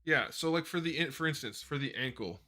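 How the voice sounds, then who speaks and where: A man reads out viewer questions and answers them off the cuff on a live stream, often stopping mid-word to rephrase. His voice is bright and forward. Quiet music plays faintly behind him as he talks into a desk mic. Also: on the high side, lively intonation, brisk. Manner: chatty, rambling, self-correcting. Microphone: desk microphone. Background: faint background music.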